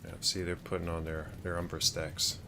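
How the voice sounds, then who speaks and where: A man's voice: sits low, completely flat delivery, normal speed, noisy background. A man streaming a shooter game, chatting casually and rambling as he reacts to the play. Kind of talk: casual gameplay commentary.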